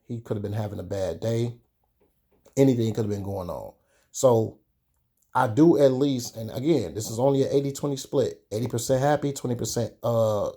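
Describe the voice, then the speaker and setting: Drawn-out pauses punctuate the chatty storytelling of this young sneaker vlogger from Chicago as he speaks frankly to viewers. He has a warm, mellow voice pitched at a typical level.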